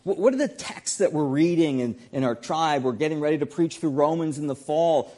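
A man's voice: fairly high pitch, a little fast, mellow. A pastor giving a sermon, earnest and emphatic, often repeating his key phrases.

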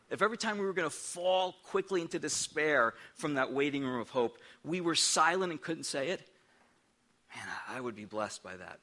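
Middle-aged male pastor, emphatic sermon delivery with stammered restarts, bright tone. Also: on the high side.

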